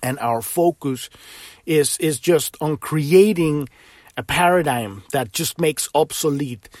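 A man's voice: on the high side, slow pace, no echo, clean studio sound. A man hosting a podcast, talking in a rambling, impassioned monologue full of restarts and swearing. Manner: swears freely when worked up. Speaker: podcast host.

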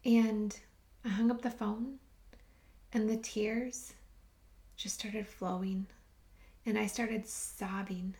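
A woman hosting a podcast, telling a personal story in a slow, heartfelt way that sometimes drops to a near whisper. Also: a little high. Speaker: podcast host and retreat leader.

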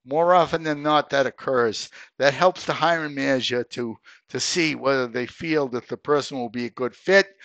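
A man's voice: mid-range voice, fairly bright tone, no echo, dull audio. A man hosting a career advice podcast, talking straight to listeners in an emphatic coaching way and often checking in with "okay?". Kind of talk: solo podcast monologue.

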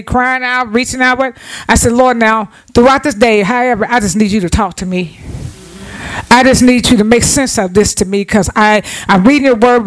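A woman's voice: a little high, poor audio. A woman preacher delivering a sermon in informal vernacular speech, with frequent restarts and repeated calls of "Amen" to the congregation.

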